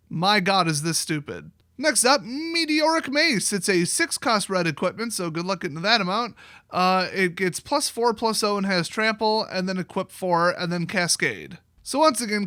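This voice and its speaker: A card game video host with a high, bright voice delivers a sarcastic rant reviewing cards, openly exasperated and mocking what he covers. He swears freely. The recording is dry and close, with no sense of a room around him.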